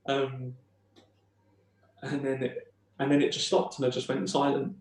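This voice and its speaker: Soft-spoken man, echoey room. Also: mid-range voice, completely flat delivery, a little hiss or hum. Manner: halting, emotional retelling with many restarts. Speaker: podcast guest. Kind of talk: personal storytelling.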